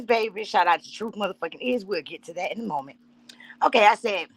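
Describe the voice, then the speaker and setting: A woman's voice: mid-range voice, lively intonation, fairly quick, breathy edge, dry recording. A woman talking casually on a livestream, blunt and profane, speaking straight to her chat while she gets herself together. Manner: loose and unprepared, stops to fumble with things.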